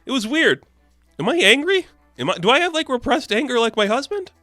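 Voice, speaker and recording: A man's voice: very high voice, very animated, brisk, pushed and bright, dry recording, faint music behind, pitched above the performer's own voice, full character voice. A man voicing a flustered superheroine who rambles and second-guesses herself. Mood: puzzled. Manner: rambling, self-questioning.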